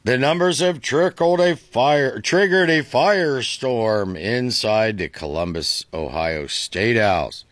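A man's voice: medium pitch, slow, few pauses, fairly bright tone, no echo. A male talk show host reading the news aloud with sarcastic, mocking asides.

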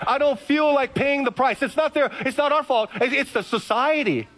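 High-voiced energetic pastor. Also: male voice. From Hawaii. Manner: energetic, storytelling with dramatic pauses. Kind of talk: sermon.

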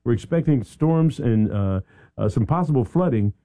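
A man's voice: mid-range voice, lively intonation, normal speed, mellow. A man hosting morning talk radio in a studio, chatty and joking about himself. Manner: jokey, chatty, self-deprecating. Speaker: radio talk show host.

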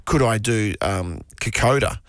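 A man co-hosting a casual chat, relaxed and agreeable. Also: on the low side, unhurried, no echo, clean studio sound. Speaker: radio co-host.

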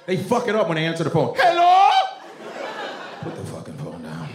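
A man performing stand-up comedy, talking to the audience in an animated, profane way. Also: a little high, quick pace, a faint crowd. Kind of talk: stand-up comedy with crowd work. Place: comedy club stage.

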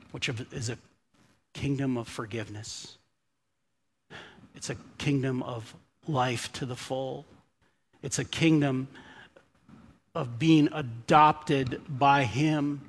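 A man preaching a sermon as pastor, earnest and pleading, dropping to a hush on quoted prayers, recorded in a church sanctuary. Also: mid-range voice. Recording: long hall reverb.

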